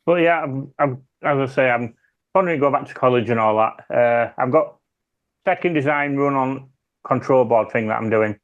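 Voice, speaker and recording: A man's voice: medium pitch, normal speed, lo-fi sound. A British man chatting casually on a podcast, rambling and trailing off as he talks. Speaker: podcast panelist. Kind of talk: casual chat.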